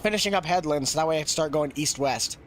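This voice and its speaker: A man's voice: on the high side, fast, a bit bright, slight background noise. A man streaming a game live, chatting casually and answering questions from chat.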